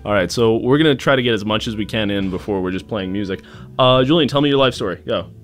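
A man's voice: on the low side, fast talker, soft background music. A young man co-hosting a college radio show, joking and laughing in casual chat. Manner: joking, laughs often, animated.

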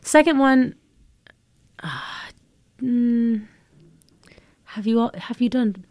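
A woman's voice: on the high side, takes it slowly, a little mellow, no echo. Chatty young woman, dry close sound. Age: young adult. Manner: chatty, full of "like" and laughs. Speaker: podcast co-host. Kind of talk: casual chat.

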